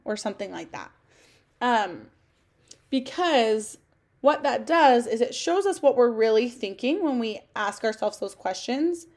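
A woman hosting a podcast, talking casually and coaching her listeners, often checking in with "okay?" and acting out sample thoughts. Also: a little high. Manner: acts out sample thoughts in quotes. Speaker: podcast host. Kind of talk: casual solo podcast talk.

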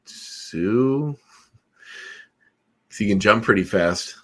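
A man with a low voice trades quick guesses in a casual podcast chat as co-host. His delivery is lively, and he teases and grumbles playfully. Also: husky.

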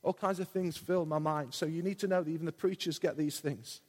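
A man preaches with fervour, his voice husky and a little high for a man. He leans on repetition to drive his points home. A long church hall reverb trails every phrase. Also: fairly even intonation, fairly quick, darkish tone. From England. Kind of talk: sermon.

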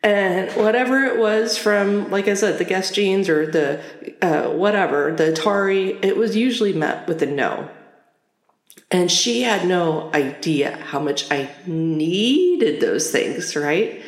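A middle-aged woman tells stories on her own podcast in a low, conversational voice. Her delivery is reflective and grows lively as she relives scenes. The recording has a roomy echo around her. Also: slow pace. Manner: conversational, reflective and animated when retelling. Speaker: podcast host. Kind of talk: personal storytelling podcast.

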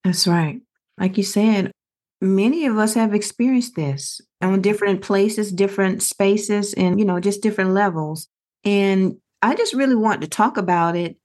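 A middle-aged woman co-hosts a podcast, earnestly and conversationally telling a story and acting out other people's lines as quoted dialogue. Her mid-range voice is a little mellow and moves at a moderate pace.

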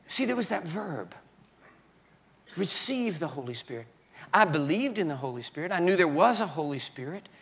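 A man preaching in a sermon, telling his own story with halting restarts and swings between hushed and loud moments. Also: fairly high pitch, expressive. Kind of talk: sermon testimony.

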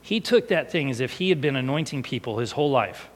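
During a sermon, a male pastor tells a personal story in a medium-pitched voice at a fast pace. He's animated and expressive, sometimes dropping to a hushed, emotional tone, and a long hall reverb trails his words.

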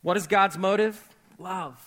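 A man preaching a sermon to a live church audience, conversational and joking, quizzing the crowd, and rising to shouts on key words. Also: sits high, fairly even intonation, measured pace. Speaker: pastor.

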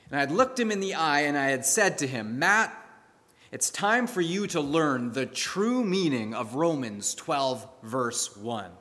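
A man, preaching a sermon in an earnest, measured, storytelling way. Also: on the high side, fairly bright tone. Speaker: pastor. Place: church sanctuary. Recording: long reverb of a church hall.

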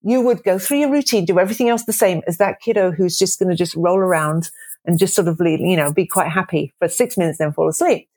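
A woman in her forties talking casually about parenting, animated and quick to laugh, acting out little voices. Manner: animated, acts out voices with big pitch jumps; laughs often. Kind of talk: casual conversational explanation.

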